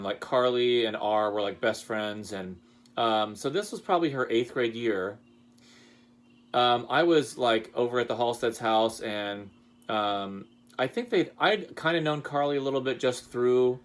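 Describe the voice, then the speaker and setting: A man, a high school choir director, giving a casual award speech and telling animated stories about his students with lively jumps in his voice. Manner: chatty, animated storytelling with lively pitch jumps.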